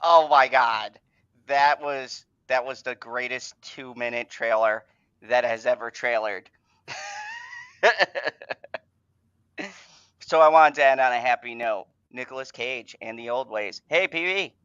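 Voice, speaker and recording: A man hosting a casual fan podcast, swearing and stammering, swinging between exasperation and excitement. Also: medium pitch, a little slow, long pauses, clean tone, no echo, lo-fi sound. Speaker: host.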